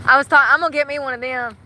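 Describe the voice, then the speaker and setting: A young woman from North Carolina, rambling casually to her phone camera for a vlog. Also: high voice. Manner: chatty, rambling, laughs often. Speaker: vlogger. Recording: outdoor noise with boat and water sounds.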